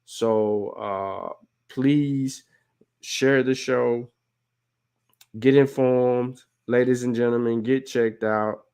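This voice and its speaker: A man's voice: mid-range voice, steady tone, drawn-out words, gravelly, a little mellow, clean tone. A man hosting an online show, talking earnestly in a rambling way with many fillers. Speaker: show host. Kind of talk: casual livestream talk.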